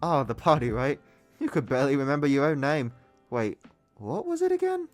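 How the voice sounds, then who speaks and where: A man's voice: medium pitch, big pitch swings, fairly quick, soft background music, lightly acted. A man voicing a teasing, confident young college guy with a cheesy charm, in a put-on British accent. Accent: attempted British. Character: teasing cocky young male college date.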